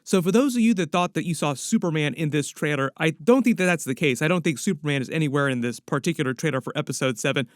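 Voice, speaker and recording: Man, casual commentary, higher-pitched voice, dry close sound, chatty and speculative. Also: no room sound. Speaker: YouTube pop-culture commentator.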